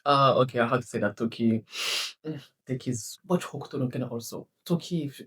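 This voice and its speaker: A woman vlogger ranting to camera about a TV series, passionate and exasperated, swinging between loud outbursts and low mutters. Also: fast talker, breathy edge. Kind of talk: casual rant to camera.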